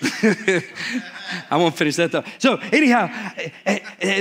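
A man's voice: high-pitched, animated, a little slow, a bit bright, slightly rough. A male pastor preaching a sermon in church, telling a story with humor and acting out its characters.

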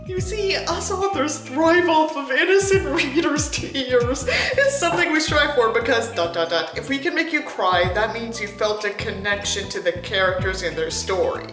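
A woman's voice: high-pitched, animated, moderate pace. A woman reading out a self-satisfied author's note in a chatty, sugary voice. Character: gushing, self-satisfied woman author writing to her readers. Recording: roomy echo with music behind.

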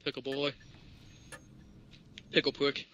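A young man doing let's play commentary, crude, goofy and excitable. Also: mid-range voice, takes it slowly, lo-fi sound. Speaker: gamer. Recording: noisy game audio behind.

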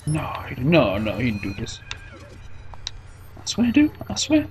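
Casting: jonge let's-player, vloekend en opgewonden, bewegende toon. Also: male voice, on the high side, normal speed, long pauses, a little hiss or hum. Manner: excitable, swearing and mock-frustrated. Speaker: let's play gamer. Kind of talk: casual gameplay commentary.

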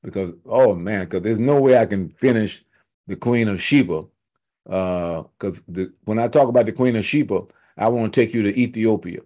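A man teaching a church Bible study, retelling scripture in loose everyday speech with humorous asides and emphatic, slowed-down stresses. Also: on the low side, mellow. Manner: fired up and emphatic, slowing to stress key words.

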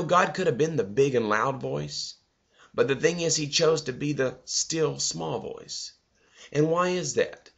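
A man's voice: mid-range voice, a bit bright, dull audio. A male preacher giving a loose, conversational devotional sermon that often repeats words.

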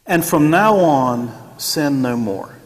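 A man's voice: on the high side, animated, slow pace. A man teaching a church Sunday school class in a conversational way, with joking asides and acted-out quotes. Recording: long echoey church room.

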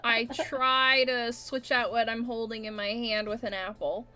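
A woman's voice: fairly high pitch, level tone, unhurried, over music. A woman playing in a tabletop role-playing game, playful and giggly as she talks through her character's moves. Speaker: player.

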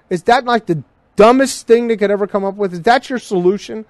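A man's voice: high voice, brisk, no echo. A man teaching the Bible verse by verse to his congregation, in a conversational style that keeps asking them questions. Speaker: pastor. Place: church sanctuary.

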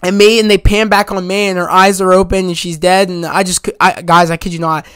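Man, high smooth voice, dry close sound; rambling, emphatic movie reviewer full of fillers. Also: little pitch movement, brisk, a bit bright, no echo. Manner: rambling, emphatic retelling with many fillers and casual swearing. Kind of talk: casual spoken movie review.

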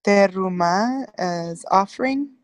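A woman student reading aloud hesitantly in a lesson, apologetic and full of pauses. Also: mid-range voice, dry recording.

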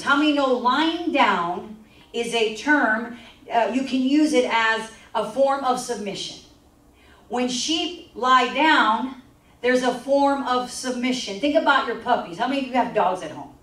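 A woman's voice: a little high, normal speed, a bit bright. A woman pastor teaching a sermon in a church, repeating scripture lines and drawing replies from the congregation. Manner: call-and-response preaching, repeats scripture lines. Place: church sanctuary. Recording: echoey church hall from far off.

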